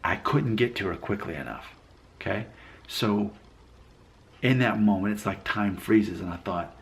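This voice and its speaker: A very deep-voiced vlogger, raised in Alabama but without a regional accent, tells his channel a personal story. His casual storytelling is reflective, rambling and unhurried, with long pauses and frequent mid-sentence corrections.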